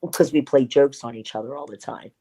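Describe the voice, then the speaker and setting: A woman's voice: a bass voice, brisk, low-quality recording. A middle-aged woman, a former wrestler and interview guest, telling a story in casual chat. She acts out what people said and swears casually. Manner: animated storyteller who acts out quoted dialogue and swears casually.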